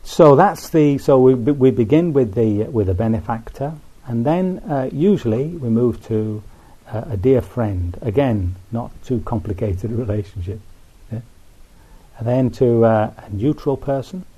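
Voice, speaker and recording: A man giving an unhurried, folksy meditation talk to a retreat group, full of asides like "you see". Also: mid-range voice, animated, dark tone, slightly rough, highs cut off. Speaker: Buddhist meditation teacher. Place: retreat centre.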